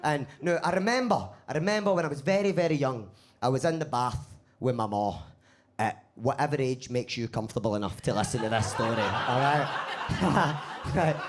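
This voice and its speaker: A man with a Glaswegian accent performing a live stand-up set in a basement comedy club. He swears freely and talks in an animated way. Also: mid-range voice, fairly quick, slight background noise. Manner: swearing, animated, laughs at own jokes.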